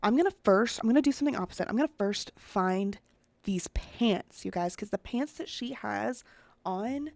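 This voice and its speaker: A Sims content creator chats casually while building characters in a life-sim game, thinking out loud and often speaking straight to her viewers. Her medium-pitched voice is expressive, gravelly and darkish, at a moderate pace with no echo.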